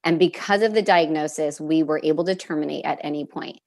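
Emotional woman with a lowish voice. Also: creaky, darkish tone. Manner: halting, with fillers and restarts; openly emotional, near tears at times. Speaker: podcast guest. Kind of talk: candid personal storytelling.

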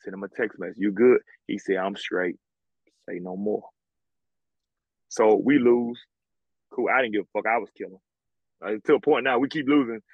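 Man in his 30s, ex-baller guest, husky low voice, blunt and profane, dry dull sound. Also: normal speed, pauses often, no echo. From American South. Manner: blunt, profane, animated storytelling. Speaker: former college basketball player, guest. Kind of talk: casual storytelling interview.

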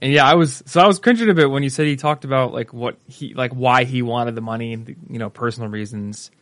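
A male podcast host who comments on his guest's story in a reflective, conversational way. His voice is dry and close, with little sense of a room. The pitch sits at an ordinary middle level. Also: quick pace, fairly bright tone, no echo. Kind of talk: podcast interview.

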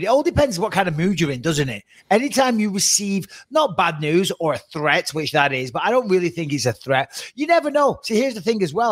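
Man, forties, higher-pitched, fast and loud, swears freely in podcast banter. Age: 40s. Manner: fast, loud, charged-up talk with heavy swearing. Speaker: podcast co-host, former champion cage fighter. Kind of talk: casual chat.

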